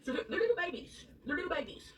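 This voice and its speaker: A man's voice: very high-pitched, big pitch swings, fast talker, fairly bright tone. A man with a Southern US accent chatting bluntly while eating, humming between bites and swearing casually. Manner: blunt, swearing, lots of chewing hums. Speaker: food vlogger. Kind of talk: casual mukbang chat. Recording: roomy, distant mic, background noise.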